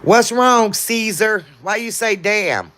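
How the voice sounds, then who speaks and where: A woman's voice: medium pitch, slow, a bit bright. A woman livestreaming, chatting casually and answering her viewers' comments as they come in.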